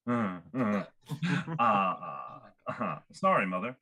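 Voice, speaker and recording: A man doing a stand-up set at an online open mic, animated and laughing at his own jokes. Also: mid-range voice, very slow, long pauses. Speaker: stand-up comedian.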